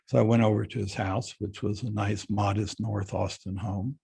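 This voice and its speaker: A man's voice: lowish voice, flat delivery, normal speed, creaky, warm tone, breathy edge. An older man from Texas, a guest speaker telling a story bluntly and acting out both sides of the dialogue. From Fort Worth, Texas. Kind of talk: storytelling interview.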